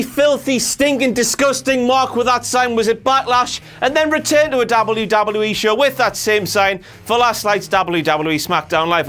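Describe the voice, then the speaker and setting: A man hosting a brash comedic rant, swearing and jumping between shouts and low mutters. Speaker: host.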